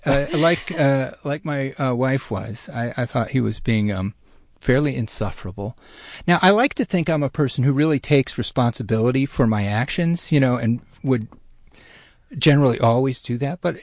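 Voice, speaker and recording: A middle-aged man telling a personal story in a lively, self-deprecating way, with many restarts. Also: medium pitch, no room sound. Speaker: storyteller guest.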